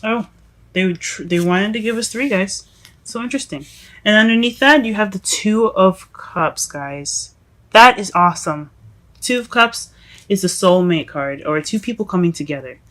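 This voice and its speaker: A woman giving a casual tarot reading to her viewers, halting and self-correcting as she goes, often calling them "guys". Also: medium pitch, expressive, fairly bright tone. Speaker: tarot reader.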